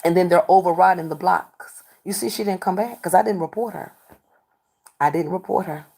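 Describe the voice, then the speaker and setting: A woman's voice: on the low side, moderate pace, creaky, darkish tone, breathy edge. A woman streaming live who does readings, talking back to her chat in a combative, scolding way and repeating herself for emphasis. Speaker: livestreamer doing readings. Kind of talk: confrontational livestream talk to chat.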